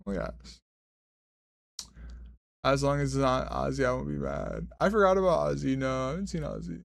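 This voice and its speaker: A young man streaming, chatting loosely with his chat while high and half asleep, sassy and swearing as he rambles. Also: big pitch swings, quick pace, creaky, no echo, studio quality. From Mexican heritage. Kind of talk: casual stream chat reading comments.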